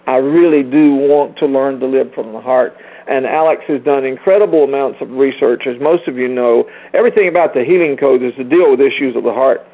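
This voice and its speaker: A man in his sixties teaching a group on a phone call, earnest and emphatic, repeating key phrases for weight. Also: medium pitch. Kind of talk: informal teaching talk. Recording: tinny phone line.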